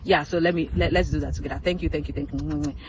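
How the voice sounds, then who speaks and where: A woman's voice: low voice, steady tone, fast, background noise. A chatty woman vlogging to her viewers, stressing and repeating each point with playful teasing asides. She talks in an easy, unscripted way from a public spot where people pass by. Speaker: crypto vlogger. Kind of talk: casual advice vlog.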